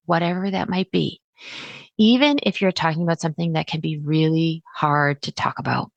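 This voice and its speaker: Woman podcast host, middle-aged, gravelly, dry close mic, animated chat. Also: sits low, normal speed, no echo, muffled recording. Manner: animated, chatty, acts out listeners' lines. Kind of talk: solo podcast talk.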